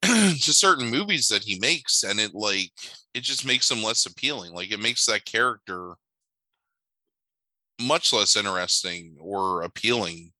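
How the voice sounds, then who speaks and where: A man telling stories in casual chat, animated, swearing now and then and acting out the voices of people in his anecdotes. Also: lowish voice, dry recording, poor audio.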